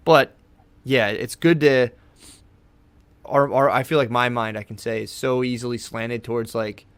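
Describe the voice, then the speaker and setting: A man's voice: medium pitch, steady tone, measured pace, clear, resonant tone, no room sound. A man talking as a podcast guest in a casual, rambling way, swearing often and calling his host "dude". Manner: rambling, laid-back, swears a lot, says "dude". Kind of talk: casual chat. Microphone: podcast studio microphone.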